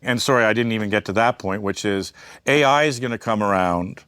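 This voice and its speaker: A man's voice: lowish voice, brisk, a bit bright, smooth, no echo, studio quality. A man giving a candid interview, talking bluntly and emphatically, swearing freely and wandering into asides. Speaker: media entrepreneur and interview guest.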